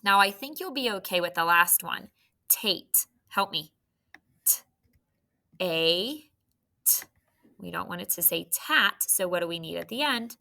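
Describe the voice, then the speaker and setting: A young woman teaching phonics to a third grade class, slow and encouraging, spelling words out letter by letter. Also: fairly low pitch, animated, creaky, sharp tone. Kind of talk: phonics lesson to young students.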